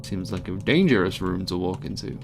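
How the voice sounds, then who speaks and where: A man with a low-pitched voice commentates his gameplay, reading the on-screen text aloud with dry asides. He swears a lot and yelps when startled, over faint game music in the background. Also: expressive, a little fast, vocal fry. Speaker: let's play gamer.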